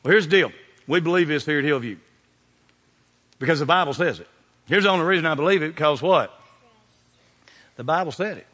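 A man with a Kentucky accent, preaching a lively sermon as pastor and firing questions at his congregation. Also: a little high, brisk, long pauses. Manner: animated preaching with call-and-response questions. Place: church sanctuary. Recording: long hall reverb.

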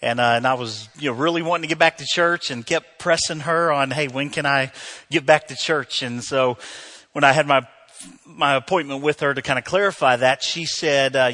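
A man's voice: medium pitch, normal speed, bright, forceful tone. A middle-aged male pastor giving a sermon, telling a personal story in a conversational way with many fillers before building to emphatic preaching.

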